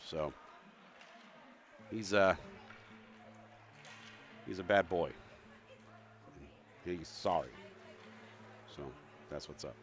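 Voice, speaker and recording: Man, hockey announcer, deeper voice, rambling, self-deprecating jokes, live rink booth. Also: very slow, pauses often, faint music behind. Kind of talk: live local sports broadcast. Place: mobile broadcast booth at an ice rink.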